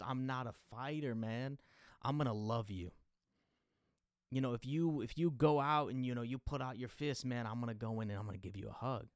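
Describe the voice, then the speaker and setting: A young man muses aloud on a casual podcast, looping back with "you know" and "like" and rising into exasperated bursts. His voice sits at an ordinary middle pitch. The sound is close and dry, with no room echo. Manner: rambling, confessional, full of fillers and restarts; goes loud and exasperated when ranting. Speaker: podcast host. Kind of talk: casual monologue.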